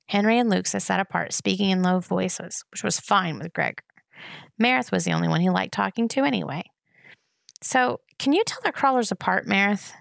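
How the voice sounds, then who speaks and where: A woman reading a children's novel aloud in steady, expressive narration. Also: medium pitch, creaky, dry recording. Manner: steady, expressive reading, voicing each character. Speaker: reader. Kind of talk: audiobook narration.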